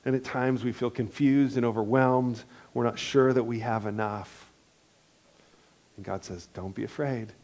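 A middle-aged male pastor preaching a sermon and leading a responsive reading in a slow, soft, unhurried way. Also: medium pitch, fairly even intonation.

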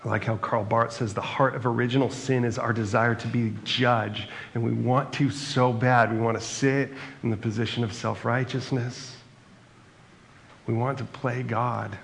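Gravelly-voiced male pastor preaching. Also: medium pitch. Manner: conversational preaching, reads scripture aloud. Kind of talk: sermon.

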